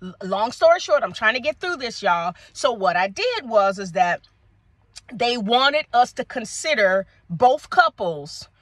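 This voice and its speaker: Animated woman giving a lively testimony. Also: fairly high pitch, unhurried, no room sound. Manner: animated, preacherly, addresses viewers as y'all. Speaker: vlogger sharing a faith testimony. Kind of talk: casual testimony talk to viewers. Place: outdoors at sunset.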